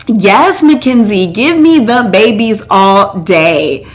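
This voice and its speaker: A woman in her forties chats on a casual live stream and answers her viewers one comment at a time. Her delivery is loose and rambling, with lots of "like" and "um". Her pitch jumps up whenever something excites her. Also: takes it slowly. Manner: animated, voice jumps up when excited. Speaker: host.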